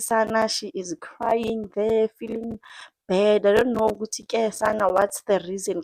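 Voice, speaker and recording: A woman's voice: mid-range voice, dry recording. A South African woman hosting a casual gossip recap, chatting to her viewers and mixing local words into her talk. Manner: chatty, mixes in isiZulu words, calls the viewer 'Sana'. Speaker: entertainment gossip host. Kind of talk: casual reality-show recap.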